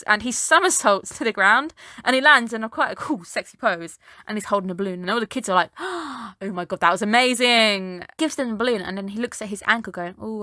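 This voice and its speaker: A bright, forward-sounding woman talks through an anime episode in casual recap style, jumping into lively character voices as she retells scenes. Her voice is recorded close and dry, with no room sound around it. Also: mid-range voice, no echo. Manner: chatty, animated, quotes characters in lively voices. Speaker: anime reviewer.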